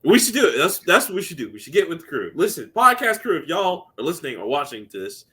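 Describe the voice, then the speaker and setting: A man co-hosting a podcast in animated, joking chat. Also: a little high, quick pace, husky. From Alabama, USA. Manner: animated, laughing, jokes with impressions. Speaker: podcast co-host. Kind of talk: casual comedic chat.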